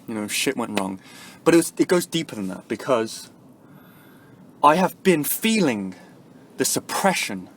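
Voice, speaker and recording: A man venting in a vlog, rambling and swearing, full of fillers, swinging from quiet musing to loud angry bursts. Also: medium pitch. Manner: rambling, profane, with constant "you know" and "right?" fillers. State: angry and frustrated. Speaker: vlogger. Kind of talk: emotional vlog rant.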